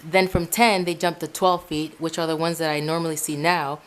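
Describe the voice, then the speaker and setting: An Ecuadorian woman with a deep voice and normal speaking pace offers a relaxed, animated spiritual testimony recorded in her room at home. She keeps addressing her listeners as "guys" and often backtracks to repeat herself.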